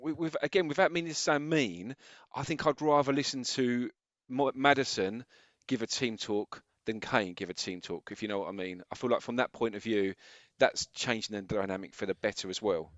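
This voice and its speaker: A man co-hosting a casual football podcast, talking eagerly in halting bursts. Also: medium pitch, a bit bright, no echo, highs cut off. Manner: enthusiastic, halting restarts, often laughing. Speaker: podcast co-host.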